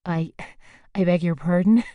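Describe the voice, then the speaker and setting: A woman's voice: on the low side, unhurried, no echo, lo-fi sound, natural voice. A woman voicing a courteous, hesitant man with an American accent in an audiobook. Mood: polite. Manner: hesitant, polite, apologetic.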